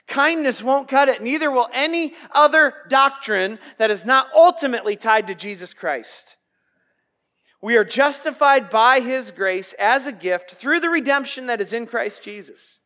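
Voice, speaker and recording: A man's voice: very high-pitched, moderate pace, sharp tone. A man preaching a sermon as pastor, conversational and emphatic, with joking asides.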